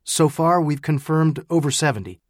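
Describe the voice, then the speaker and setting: A man's voice: a little high, expressive, normal speed, no room sound, voice pushed up, close to an everyday voice. Male narrator doing a harsh, strained woman officer, raised and tight, clipped reports, dry booth. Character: tense female starship tactical officer.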